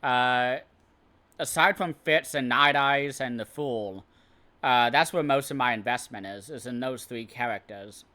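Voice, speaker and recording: Bright-voiced man giving a hesitant book review. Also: mid-range voice, unhurried. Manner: hesitant, rambling, many restarts and "I don't know". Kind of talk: casual spoken book review.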